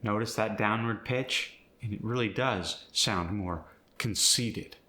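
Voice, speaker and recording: In this instructional video, a male accent and acting coach breaks down British accent sounds and then models words using them. He talks slowly in a voice on the low side, with a bright, forceful tone.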